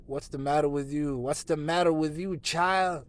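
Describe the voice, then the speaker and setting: A man's voice: a little high, steady tone, normal speed, pitched above the performer's own voice, close to an everyday voice. A man reading a storybook, voicing an older aunt who exclaims sharply and scolds, with worry under it. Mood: alarmed. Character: older aunt, brisk and worried.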